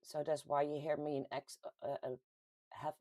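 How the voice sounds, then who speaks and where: A woman's voice: low voice, little pitch movement, moderate pace, dark tone, no room sound. A woman with a Dutch accent hosting a casual live chat, reading out viewer comments and laughing often. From Netherlands. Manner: chatty, laughs often, reads comments aloud. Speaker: livestream host reading chat. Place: at home.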